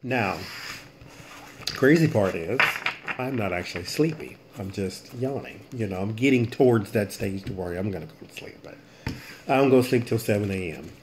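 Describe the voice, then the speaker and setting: Against a noisy background, a man with a lowish, animated voice hosts a late-night tarot reading vlog at normal speed. He's tired and yawning, stifling it as he chats, rambles, and thinks aloud.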